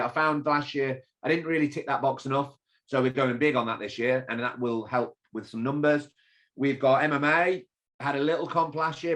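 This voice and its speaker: A man from England talks as a guest on a fitness podcast. He tells stories with plenty of energy, blunt and sometimes swearing, in a voice of ordinary pitch. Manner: animated, swears, storytelling. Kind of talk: casual interview chat.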